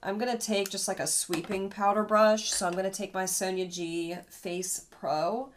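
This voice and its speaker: A woman's voice: medium pitch, fairly even intonation, moderate pace, slight background noise. A woman beauty vlogger chatting through her makeup routine while ill and tired, rambling in a conversational way. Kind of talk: chatty get-ready-with-me.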